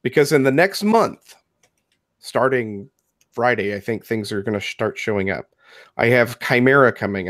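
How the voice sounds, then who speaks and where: A man's voice: lowish voice, a bit bright, no room sound. Blunt, rambling man with a dry voice. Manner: rambling, blunt, swears casually. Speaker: podcast co-host. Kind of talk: casual streamed chat.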